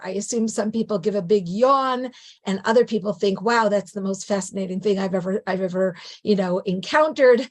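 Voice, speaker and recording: A middle-aged native English-speaking woman giving a conversational lecture, often checking in with a rhetorical "right?". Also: on the high side. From English-speaking country. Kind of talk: lecture on biblical poetry.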